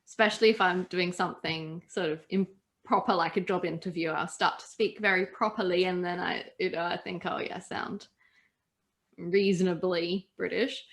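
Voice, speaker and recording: A woman's voice: lowish voice, steady tone, a little fast, fairly bright tone. Chatty Australian woman in group chat. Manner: chatty, laughs while telling anecdotes. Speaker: podcast host.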